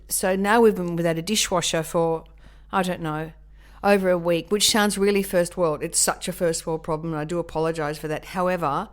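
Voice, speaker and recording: Low-voiced woman, rambling chat. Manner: rambling, animated storytelling. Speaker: podcast co-host. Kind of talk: casual chat.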